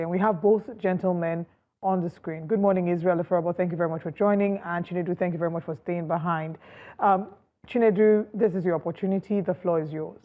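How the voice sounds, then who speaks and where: A woman anchoring a live TV news show, brisk and formal as she moves between guests. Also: lowish voice, narrow, tinny audio.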